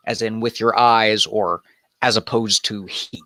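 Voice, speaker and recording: Brief: man, unhurried and irreverent, lively pitch, bright dry voice. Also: dry recording. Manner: irreverent, wandering asides. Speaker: host of an improvised bible study. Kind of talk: casual reading and commentary.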